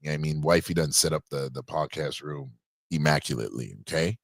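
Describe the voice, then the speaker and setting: A man's voice: very deep voice, fast talker, vocal fry, slightly rough, dry recording. A man hosting a livestream podcast from a home podcast room, chatting loosely and jokingly with slang. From Canada. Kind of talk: casual livestream chat.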